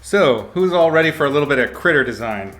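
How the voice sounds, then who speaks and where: A man's voice: on the high side, animated, quick pace, a bit bright, faint music behind. A man teaching art on a livestream, giving casual critiques in a playful, upbeat way with mock-brutal jokes. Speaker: art instructor streaming.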